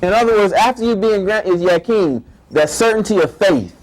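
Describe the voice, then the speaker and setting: A middle-aged man, an imam, giving a playful, animated faith-based lecture to a live audience, often repeating words as he builds a point. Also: sits high, normal speed, low-quality recording.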